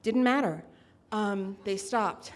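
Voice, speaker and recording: A woman's voice: medium pitch, slow. A woman telling a personal story live on stage into a microphone, in a chatty, self-mocking way full of fillers.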